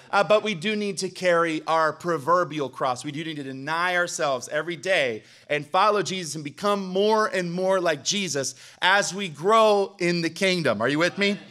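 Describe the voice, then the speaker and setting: High-voiced middle-aged pastor guy, emphatic, keeps asking for amens. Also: bright, forceful tone. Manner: emphatic, calls for amens from the congregation. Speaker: preacher. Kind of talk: sermon. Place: church sanctuary.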